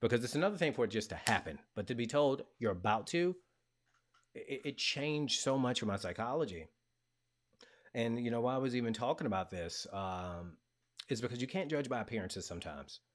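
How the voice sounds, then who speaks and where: Guy on a podcast telling his own story, acts out the back-and-forth, mid pitch. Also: a little fast. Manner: animated retelling with quoted dialogue and gasps. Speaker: podcast host. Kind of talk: casual storytelling monologue.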